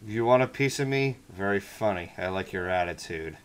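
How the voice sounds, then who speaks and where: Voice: low-pitched, expressive, normal speed, smooth. A player doing Ganondorf, taunting sorcerer villain. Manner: reading game dialogue aloud, mocking and taunting. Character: menacing male sorcerer king villain. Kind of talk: reading video game dialogue for fun.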